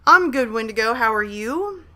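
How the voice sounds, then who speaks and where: A woman's voice: on the high side, expressive, normal speed, sharp tone. A woman, chatting casually on a live stream at home, hyper and talkative as she reads out messages from chat. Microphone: desk microphone at a laptop.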